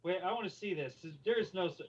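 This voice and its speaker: Blunt higher-voiced man on a lo-fi call. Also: quick pace, slightly rough. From Arizona, US. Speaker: guest. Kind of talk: casual livestream chat. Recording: dull lo-fi call audio.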